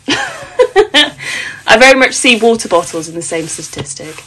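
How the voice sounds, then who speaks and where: A woman's voice: fairly high pitch, slow, slightly rough, rough recording. A woman co-hosting a podcast, chatting casually and telling stories with lots of laughter. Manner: animated, laughs often, jokey storytelling. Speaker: podcast co-host. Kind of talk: casual chat.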